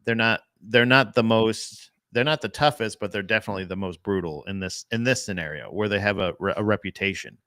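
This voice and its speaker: A man's voice: fairly low pitch, fairly quick, few pauses, pushed and bright, dry recording, clean studio sound. A man co-hosting a podcast, rambling casually about movies, laughing and swearing as he goes. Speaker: podcast co-host.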